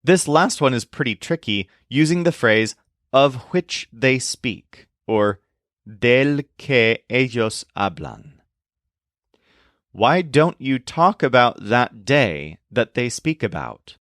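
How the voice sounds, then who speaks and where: A man explaining verb forms in a scripted language lesson, speaking slowly and deliberately and spelling words out. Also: medium pitch, expressive, fairly bright tone, dry recording, studio quality. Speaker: language teacher.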